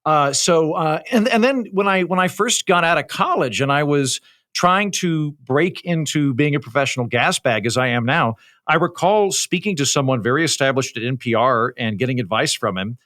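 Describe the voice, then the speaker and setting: A man's voice: a little high, normal speed, fairly bright tone. A man in his thirties from Oklahoma with a light Oklahoma accent, telling stories in a casual chat with formal, authoritative diction and wry humor. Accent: light Oklahoma American. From Oklahoma, USA. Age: 30s. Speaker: comedian and podcast guest.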